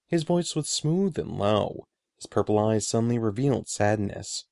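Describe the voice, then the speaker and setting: A man narrating a children's story with expressive storytelling on a close mic. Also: on the low side, normal speed, gravelly, no echo. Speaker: audiobook narrator. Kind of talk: scripted narration.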